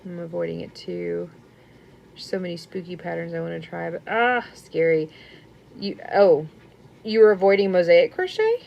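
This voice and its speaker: A young woman chatting casually on a crochet live stream at home. She rambles, laughs often and sometimes drops to a soft murmur. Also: fairly low pitch, expressive, normal speed, creaky, lo-fi sound, a little hiss or hum.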